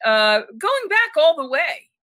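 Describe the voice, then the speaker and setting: A woman's voice: high voice, sing-song, takes it slowly, a bit bright. A woman hosting a casual panel chat, asking long, rambling questions full of restarts.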